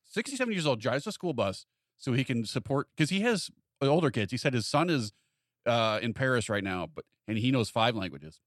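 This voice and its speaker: A fairly quick, mid-range male voice, captured with studio quality and no room sound. He's co-hosting a podcast and spinning a story casually, voicing each quoted person in an animated way.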